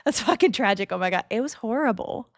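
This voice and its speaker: A woman streaming a game live and chatting casually with her viewers, emotional and quick to laugh. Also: on the high side, lively intonation, dry recording, clean studio sound.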